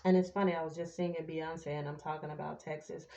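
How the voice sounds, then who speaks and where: A woman with a low, gravelly, dark voice and little pitch movement talks fast while doing a casual tarot reading for viewers. She's sassy and chatty, sometimes singing a few lines. The room echoes and the audio quality is poor.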